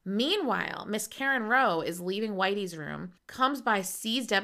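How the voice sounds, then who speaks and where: A woman co-host recaps a TV episode in loose, casual podcast chat. Her voice is bright and forceful, with a pitch that swings widely. She swears freely and laughs easily. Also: expressive, measured pace.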